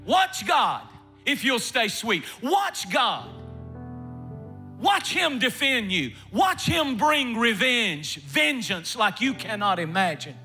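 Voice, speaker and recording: A man preaching a sermon in church as pastor, emphatic and repetitive, with bursts of shouting. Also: very high voice, sing-song, slow pace, soft background music. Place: church sanctuary.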